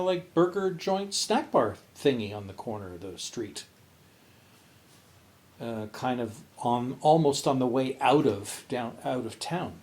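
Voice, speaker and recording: A man's voice: medium pitch, a little mellow. A man co-hosting a podcast from Canada, telling a long story in casual chat, acting out the voices of his friends and swearing freely. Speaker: podcast co-host.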